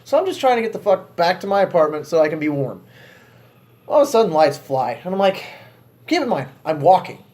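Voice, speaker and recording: A young man with a slightly higher voice chats on a podcast and tells a story with plenty of swearing. His delivery is animated and his laughter spills into the telling. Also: a little fast. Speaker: podcast co-host. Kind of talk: casual chat.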